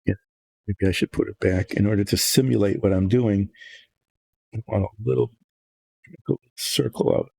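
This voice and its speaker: A man's voice: fairly low pitch, steady tone, moderate pace, vocal fry, long pauses, dark tone, husky, no room sound. An older man painting a model kit and thinking aloud as he works, musing and rambling with small restarts. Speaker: miniature painter. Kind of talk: relaxed narration while painting.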